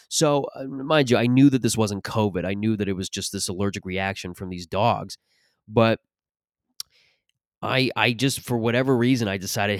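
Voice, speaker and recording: Low-voiced man in a profane rambling monologue. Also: normal speed, dry recording, clean studio sound. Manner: profane, rambling, restarts often. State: short of breath after an allergic reaction. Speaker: podcast host and stand-up comic. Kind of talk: casual comedic monologue.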